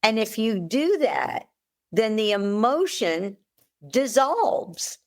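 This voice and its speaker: Woman coach on a podcast, slow and plain, keeps repeating the main point. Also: a little high, big pitch swings, darkish tone. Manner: direct and plain-spoken, repeats key phrases. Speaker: guest coach. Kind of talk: conversational interview.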